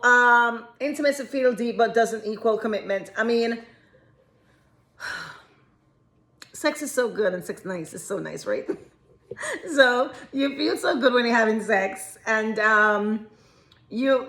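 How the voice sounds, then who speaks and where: Woman vlogger talking love advice, giggles a lot, kinda high voice, frank and chatty. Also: fairly bright tone. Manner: giggly, keeps breaking into laughter; frank and chatty, addresses viewers as ladies and guys. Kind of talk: casual chat to camera.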